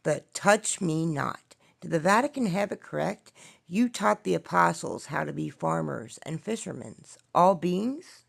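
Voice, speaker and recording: A woman hosts a spiritual podcast, working through a string of questions in a loose, searching way and second-guessing herself as she goes. Her voice carries a very strong, steady gravel of vocal fry. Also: lowish voice, measured pace. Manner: wandering, questioning, unsure of herself. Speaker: podcast host. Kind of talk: spiritual channeling talk.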